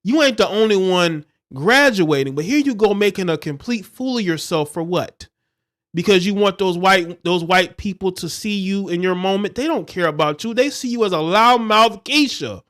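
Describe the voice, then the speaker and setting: A male livestream host reads a news story aloud, then breaks off into scornful, insulting, preachy rants. His voice sits high and sounds a bit bright, animated and delivered at normal speed.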